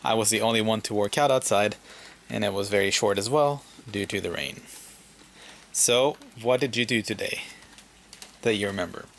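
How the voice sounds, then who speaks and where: A man narrating a relaxed family home vlog in a low-key way. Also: moderate pace, creaky, pauses often, a little hiss or hum. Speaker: vlogger father.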